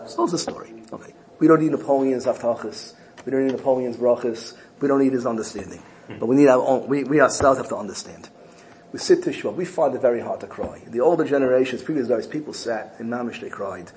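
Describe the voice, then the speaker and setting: A man's voice: medium pitch, fast, darkish tone, a little hiss or hum, poor audio. A man giving a religious talk, telling a story in an earnest, repetitive way. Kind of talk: storytelling sermon.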